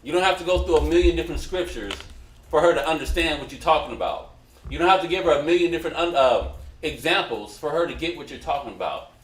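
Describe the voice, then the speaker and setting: A man's voice: on the high side, fast. A man leading a Bible study class, explaining a passage in a casual, conversational way and calling on others to read. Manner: conversational, directs readers, restarts often. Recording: roomy echo.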